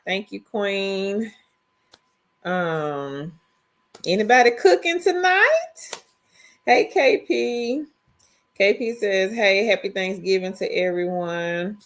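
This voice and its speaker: Middle-aged woman, easygoing livestream host, slow and relaxed delivery. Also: medium pitch. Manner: greets viewers one by one, drawn-out and relaxed. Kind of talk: casual livestream chat, reading viewer comments.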